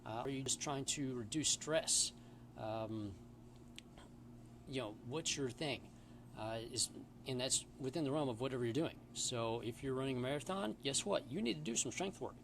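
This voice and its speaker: A man's voice: mid-range voice, normal speed, slight background noise, low-quality recording. A man who works as a personal trainer, giving casual, emphatic advice to the camera in a gym and often checking in with "okay?" and "all right?".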